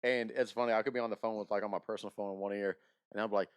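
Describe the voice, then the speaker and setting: Casting: smooth, clear male voice, dry close sound, easygoing rambler. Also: lowish voice, racing, no echo. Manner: relaxed, searching for words, trailing off. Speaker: podcast co-host. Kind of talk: casual chat.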